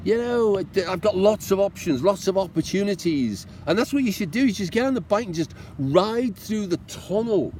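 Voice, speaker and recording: A man's voice: high voice, lively intonation, moderate pace, hardly any pauses, a little mellow, a little hiss or hum. A British man talking casually to camera about his motorcycle travels, chatty and encouraging, joking that he is tearing up now and then. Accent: British English. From Britain. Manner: chatty, encouraging, self-mocking, jokingly tearful.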